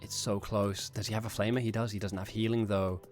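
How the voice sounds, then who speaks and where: A man with a lowish voice calls a live game stream in a chatty, rambling way. He jokes at his own expense and drifts into asides to his chat. Soft music plays faintly underneath. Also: level tone, a little fast. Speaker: tournament commentator and streamer. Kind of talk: live esports commentary.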